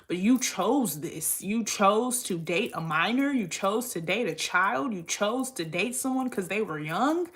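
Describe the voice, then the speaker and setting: A woman's voice: medium pitch, a bit bright. Blunt, profane woman reading tarot. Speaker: tarot reader.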